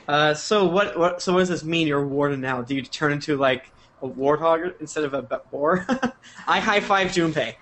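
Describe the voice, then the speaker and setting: A player at a tabletop game, excitable and quick to laugh. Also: mid-range voice, a little hiss or hum. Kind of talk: casual tabletop game chat.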